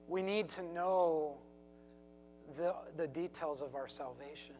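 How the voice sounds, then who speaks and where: A man's voice: fairly high pitch, takes it slowly, a little mellow, slight background noise, poor audio. A man preaching a sermon as pastor, telling a story with emphatic repeats and acted quotes.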